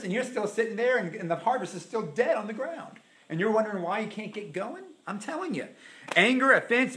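A man preaching a sermon in a church, animated and dramatic, acting out the voices he quotes. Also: sits high.

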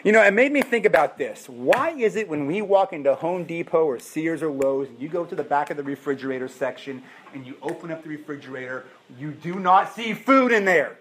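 A man's voice: on the high side, animated, brisk, a bit bright. A man preaching a sermon, pleading and impassioned, repeating his calls again and again. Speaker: pastor.

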